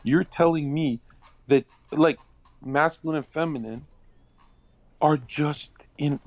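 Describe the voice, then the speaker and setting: A man's voice: a little high, takes it slowly, long pauses, a little mellow, dry recording. A man on an online voice call, debating provocatively and laughing at his own jokes.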